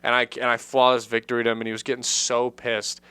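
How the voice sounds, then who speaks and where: A young man hosting a loose comedy podcast with friends, telling stories with plenty of energy. His voice is bright and forward, with a smooth, clear tone. He acts out the people in his stories loudly. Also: mid-range voice, fast talker. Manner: animated storyteller, acts out shouted quotes. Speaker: podcast host. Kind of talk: casual comedy podcast banter.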